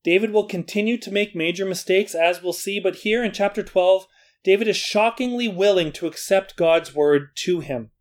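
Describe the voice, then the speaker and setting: Earnest man teaching from the Bible. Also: high voice. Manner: earnest, with self-deprecating asides. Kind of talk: scripted Bible study narration.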